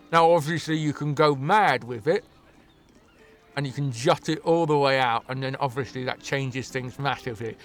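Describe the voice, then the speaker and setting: A man streaming a video game, chatting and joking in a rambling, casual way. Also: a little high. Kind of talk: casual live commentary.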